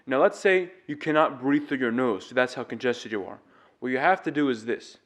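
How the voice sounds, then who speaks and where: A man's voice: mid-range voice, brisk. Guy voice coach walking you through tips, earnest, shows each step. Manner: earnest, demonstrative, explains step by step. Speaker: singing teacher. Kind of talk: casual vocal tutorial.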